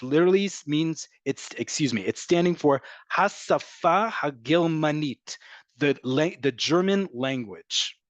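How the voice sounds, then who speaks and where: A man's voice: fairly high pitch, animated, a little slow, no echo. A man teaching a live online Hebrew class, emphatic and repetitive, drilling pronunciations and addressing viewers as folks. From from an American family.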